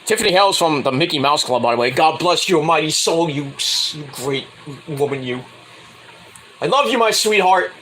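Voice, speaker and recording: Lively, bright-voiced man reviewing wrestling. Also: a little high, moderate pace, a little hiss or hum. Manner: rambling, crude asides, jumps into loud impressions. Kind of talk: casual solo review.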